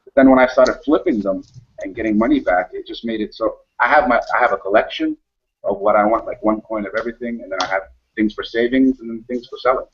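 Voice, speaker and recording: A man's voice: mid-range voice, big pitch swings, fast, breathy edge. A man in a casual online hangout talking candidly and a little rambling about his own buying habits. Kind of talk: casual live hangout chat. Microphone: video call. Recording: muffled lo-fi call with faint noise.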